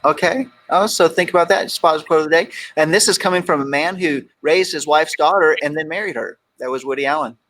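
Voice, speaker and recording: Man, from texas, talk show host, jokey, raised pitch, reads quotes with emphasis. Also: quick pace, few pauses, fairly bright tone. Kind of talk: casual talk show banter.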